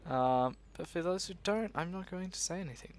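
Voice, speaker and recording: Here a young man with a high-pitched voice talks fairly quickly while playing a survival game for his gaming video. He rambles, mocks himself, and chats with viewers, with some slight background noise.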